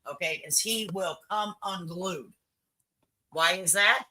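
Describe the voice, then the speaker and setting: On a low-quality recording, an older woman runs a livestream and chats casually with viewers. Her fairly low voice comes out slow, pushed, and bright, and she's blunt and opinionated, repeating herself and swearing freely.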